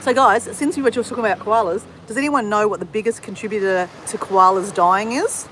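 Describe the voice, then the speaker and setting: Out in the sun, a livestream host from Australia talks casually with her viewers in an Australian accent, saying hello and replying to comments. She speaks fairly quickly in a medium, fairly bright voice on a rough recording with slight background noise.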